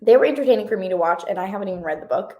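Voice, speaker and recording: A woman's voice: medium pitch, expressive, racing, dull audio. A young woman in her twenties hosting a live reading stream, chatting casually and answering comments in a bubbly, rambling way. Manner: bubbly and chatty, reading chat comments aloud, many fillers. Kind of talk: casual livestream chat.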